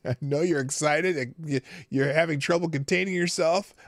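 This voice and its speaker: A man's voice: fairly high pitch, normal speed, bright, forceful tone, dry recording, clean studio sound. A middle-aged man hosting a live morning show, rambling and joking and often stumbling over his words. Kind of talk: casual live commentary.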